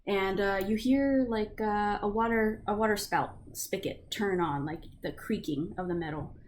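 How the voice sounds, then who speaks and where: A woman's voice: medium pitch, moderate pace, a little hiss or hum. A woman narrating a tabletop game as game master in a casual, loose way, with lots of fillers.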